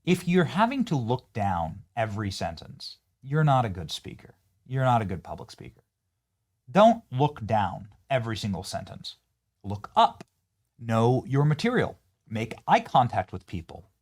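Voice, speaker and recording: A man hosts a political show, reacting to clips with sarcastic, scornful remarks that swing from loud jeering to quiet muttering. His pitch moves widely, though his pace stays measured.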